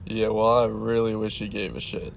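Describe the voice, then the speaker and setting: A man's voice: on the low side, normal speed, vocal fry. Amused man telling a work story. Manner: amused, animated retelling, breaks into laughter. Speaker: store worker. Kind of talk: casual storytime to camera.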